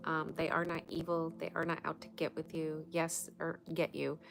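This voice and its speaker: A woman's voice: low voice, completely flat delivery, moderate pace, gravelly, fairly bright tone, rough recording. A woman hosting a casual late-night live chat, talking frankly and loosely with some swearing as she gives spiritual advice. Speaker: livestream host. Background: music playing.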